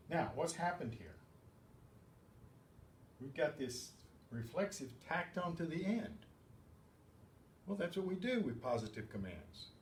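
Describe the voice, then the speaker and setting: A man teaching a Spanish grammar lesson, explaining step by step and clearing his throat often. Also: fairly high pitch, big pitch swings, slow, long pauses, recorded from a distance. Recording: echoey room with faint background hum.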